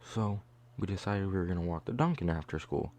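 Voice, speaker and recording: A young man tells a story in a casual vlog style, with a low voice and a mellow, relaxed tone. He talks in a loose, chatty way and fills his sentences with "like". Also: brisk. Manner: loose, chatty, heavy use of "like". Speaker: vlogger.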